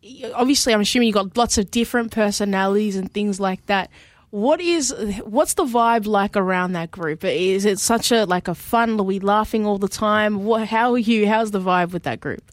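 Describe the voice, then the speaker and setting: A woman's voice: medium pitch, moderate pace, no echo. A woman hosting a community radio show, asking long, encouraging questions in a casual interview. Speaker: radio host.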